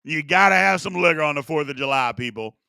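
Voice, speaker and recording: A man's voice: on the high side, fast, gravelly, clear, resonant tone, no room sound, clean studio sound. A man hosting a live-streamed talk show, chatting playfully with viewers and repeating his points for emphasis. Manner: animated, repetitive, playful asides. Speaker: sports talk show host.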